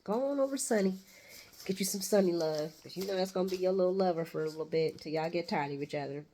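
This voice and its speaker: A woman's voice: fairly low pitch, steady tone, quick pace, warm tone, a little hiss or hum. A woman giving a blunt, casual recap of a soap opera, talking back at the characters and swearing freely.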